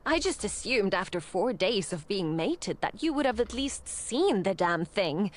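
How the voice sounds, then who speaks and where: A woman narrating a young troll woman in an audiobook, apologising in a halting, stammering way. The voice is at a middle pitch with lively ups and downs. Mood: apologetic.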